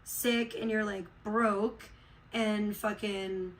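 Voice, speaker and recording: A woman from Chicago talks casually to her livestream viewers, rambling and full of fillers. She sounds heartfelt and is just getting over being sick. Her voice sits at an average pitch, with a faint hiss in the background. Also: level tone, drawn-out words, poor audio. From Chicago, USA. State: recovering from illness.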